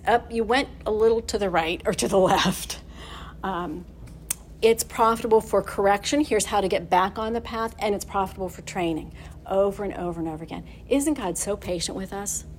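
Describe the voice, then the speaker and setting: A woman's voice: medium pitch, a little hiss or hum. A middle-aged woman giving a conversational Bible teaching to other mothers, laughing often and asking her listeners questions.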